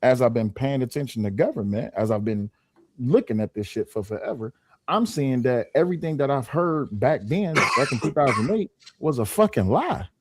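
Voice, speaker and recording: A man's voice: medium pitch, lively intonation, moderate pace. A man from the United States speaking as a panel guest in a casual political debate, emphatic and prone to repeating himself and swearing.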